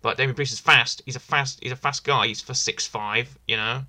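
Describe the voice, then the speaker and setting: Bright-voiced man reviewing wrestling. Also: medium pitch, steady tone, fairly quick. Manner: rambling, enthusiastic, repeats himself. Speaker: podcast host. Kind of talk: casual wrestling review chat.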